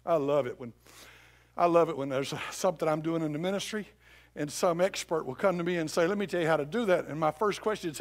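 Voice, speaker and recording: A middle-aged male pastor preaching a sermon with passion, swinging from loud appeals to hushed pleading. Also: fairly high pitch.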